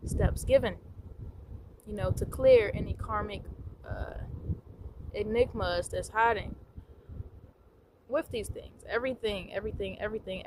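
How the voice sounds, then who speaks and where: Rambling spiritual woman over background noise. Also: medium pitch. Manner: meandering, repeats words, occasional soft laughs. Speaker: spiritual teacher. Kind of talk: unscripted spiritual monologue.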